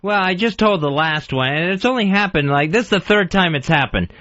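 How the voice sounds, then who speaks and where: Higher-voiced male co-host, sincere and a little defensive, dry lo-fi studio sound. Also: lively intonation, fairly quick, pushed and bright, no echo. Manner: earnest, defensive storytelling. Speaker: radio show co-host. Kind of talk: radio talk show banter.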